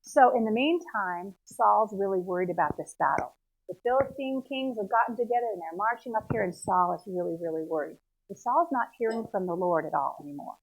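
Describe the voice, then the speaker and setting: A woman's voice: medium pitch, brisk, husky. A woman teaching a Bible history lesson in a casual storytelling way, acting out the quotes. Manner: retells scenes with lively acted-out quotes. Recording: tinny phone-like sound.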